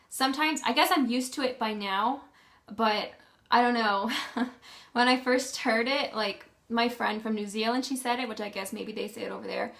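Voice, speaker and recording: Young woman, casual vlog chat, slightly high voice, rambling, filler-heavy. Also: a bit bright. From Canada. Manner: rambling, lots of ums and self-corrections. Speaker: vlogger.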